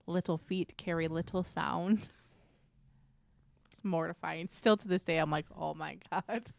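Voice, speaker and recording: Lower-voiced woman telling chatty family stories. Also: a little slow, creaky, no echo. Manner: chatty, animated storyteller acting out family quotes. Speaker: podcast co-host. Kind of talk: casual chat.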